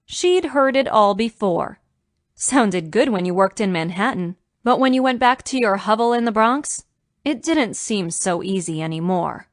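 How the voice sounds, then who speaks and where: Female audiobook narrator, romance, steady even delivery, dry close studio mic. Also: medium pitch, measured pace, dry recording.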